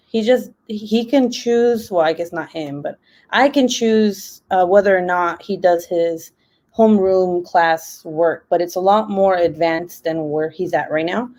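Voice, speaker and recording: A young woman talks into her laptop from home, casual and rambling. Her voice is warm and mellow, and she laughs easily between her "like"s. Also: mid-range voice. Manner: chatty, many "like" fillers, laughs often. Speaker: live stream host. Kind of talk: casual chat while crafting.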